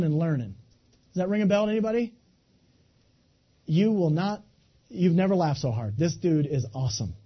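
A man in his twenties giving an animated, folksy motivational talk, speaking directly to a live audience. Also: high voice, dull audio. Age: 20s.

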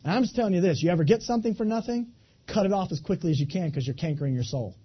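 A man in his twenties giving an animated, folksy motivational talk, speaking directly to a live audience. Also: sits high, racing, breathy edge, muffled recording. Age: 20s.

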